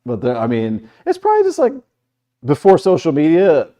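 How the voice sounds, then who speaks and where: Laid-back man with a mellow voice. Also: on the high side, wildly swooping pitch, moderate pace. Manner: laid-back, laughs easily. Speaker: meteorologist and co-host. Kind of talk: casual talk show chat.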